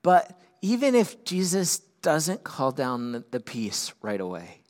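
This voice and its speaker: A man preaching a sermon as pastor, swinging from loud, urgent peaks down to quiet, earnest lows. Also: wildly swooping pitch, measured pace.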